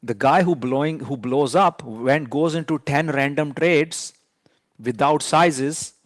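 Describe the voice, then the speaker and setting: A man's voice: fairly high pitch, slow pace, no echo, clean studio sound. A man giving a trading lesson in an emphatic, lecturing way, often repeating key points for stress. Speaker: trading educator.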